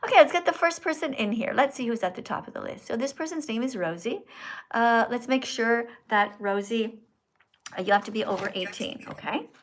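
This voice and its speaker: A woman hosts a live stream from a phone in a preachy, teacherly manner. Her voice sits a little high. She speaks earnestly and addresses the viewers directly. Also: expressive, brisk. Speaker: livestream host. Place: indoors in Italy.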